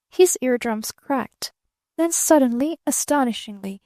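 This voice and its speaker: Woman reading an expressive storybook narration. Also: on the high side, dry recording, studio quality. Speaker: audiobook narrator. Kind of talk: scripted narration.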